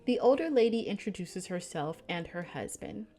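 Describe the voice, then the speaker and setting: A woman hosting a casual film breakdown, chatty and animated with frequent laughter. Her voice sits in a middle register, easygoing and conversational. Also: mid-range voice, moderate pace. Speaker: film reviewer, channel host. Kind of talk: casual film review narration.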